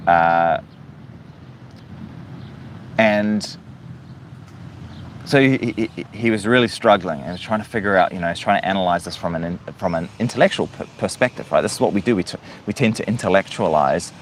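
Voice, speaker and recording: Deep-voiced New Zealand man musing on a livestream. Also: normal speed, pauses often, a little hiss or hum. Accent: New Zealand, softened. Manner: reflective, hesitant with many fillers and restarts. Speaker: livestream host. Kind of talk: casual livestream talk to viewers.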